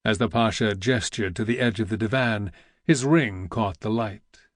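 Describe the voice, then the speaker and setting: A man narrating a historical novel in a measured, even storytelling voice into a close studio mic. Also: fairly low pitch, no echo. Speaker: audiobook narrator. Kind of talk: scripted narration.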